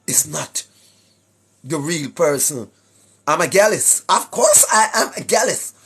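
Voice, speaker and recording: A Jamaican man giving a preachy monologue to his viewers, emphatic, often shouting, tagging his points with questions. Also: fairly high pitch, expressive, measured pace, husky. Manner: emphatic, often shouting, tags lines with "right?". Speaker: online commentator.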